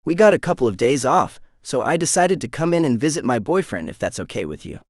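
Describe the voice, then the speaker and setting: A man's voice: medium pitch, big pitch swings, a little fast, no echo, clean studio sound. A man voicing an easygoing young male football player with a small-town Tennessee accent. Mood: friendly. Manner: easygoing, friendly.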